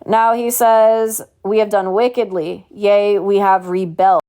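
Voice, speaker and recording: A woman's voice: medium pitch, flat delivery, unhurried, warm tone. A woman teaching a Bible study in a preachy, mocking tone, asking rhetorical questions and reading scripture aloud. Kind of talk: home Bible study sermon.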